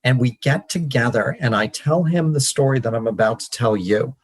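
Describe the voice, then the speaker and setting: A man, a podcast guest and author, telling his story in an earnest, animated way. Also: medium pitch, moderate pace, husky, rough recording. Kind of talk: storytelling interview.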